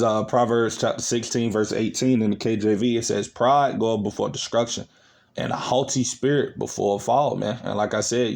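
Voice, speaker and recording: A man's voice: medium pitch, darkish tone. A man preaching a scolding sermon to his listeners. He reads scripture aloud and ends his phrases with "man" and "you see.". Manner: lecturing, accusatory tone toward listeners. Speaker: online preacher.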